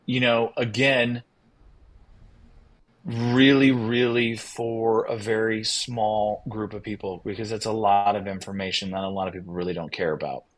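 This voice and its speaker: Man, lowish voice, enthusiastic, rambling, podcast guest storytelling. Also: moderate pace, poor audio. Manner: enthusiastic, rambling, quotes others in lively bursts. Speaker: winery owner, podcast guest. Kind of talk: casual interview storytelling.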